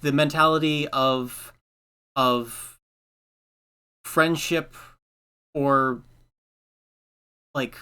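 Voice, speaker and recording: A man's voice: medium pitch, sharp tone, clear, resonant tone. A young man hosting a casual podcast chat, giving earnest advice with lots of filler words. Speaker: podcast host.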